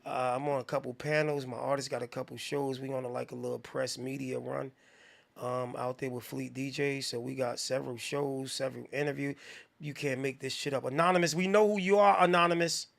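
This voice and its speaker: Gravelly-voiced man hosting a music review. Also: medium pitch, level tone, a little fast. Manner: slangy, profane, rambling, with frequent shout-outs. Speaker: host of a live music review stream. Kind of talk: casual live-stream commentary.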